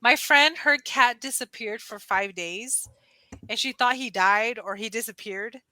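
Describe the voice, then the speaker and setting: A woman's voice: measured pace, no room sound, low-quality recording. A woman tutoring English over a video call, telling stories in casual chat, leaning on "like" and acting out quotes in squeals. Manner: animated storyteller, acts out quotes in high squeals; heavy use of "like" as filler. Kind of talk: casual conversation lesson.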